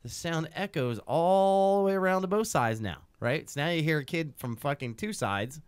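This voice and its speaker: A man co-hosting a podcast, telling a story in casual, profane chat that swings from loud outbursts to low asides. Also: expressive, moderate pace, clean tone, no room sound, studio quality. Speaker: podcast co-host. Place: podcast studio.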